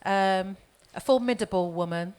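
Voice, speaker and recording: A woman's voice: mid-range voice, moderate pace, darkish tone, clean tone. A woman hosting a community poetry showcase, chatty and laughing often as she brings readers up. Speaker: event host. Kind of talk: live event compering.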